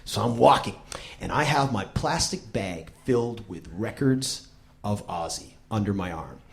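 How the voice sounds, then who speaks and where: A man hosting a show, telling a comic story in a profane, animated way and acting out the people in it. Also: lowish voice, a little slow, creaky. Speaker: host. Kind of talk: comic spoken-word storytelling.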